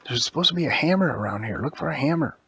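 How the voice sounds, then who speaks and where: A man voicing a helpful young male sidekick who gives quick, upbeat instructions. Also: fairly high pitch, lively intonation, creaky, pushed and bright, slight background noise, heavily acted.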